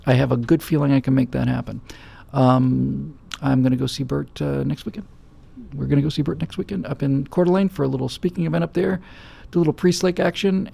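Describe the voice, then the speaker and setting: A man's voice: mid-range voice, vocal fry, warm tone, breathy edge. A middle-aged man hosting a show, telling rambling stories in casual chat with lots of fillers. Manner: rambling storytelling with many fillers. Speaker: show host.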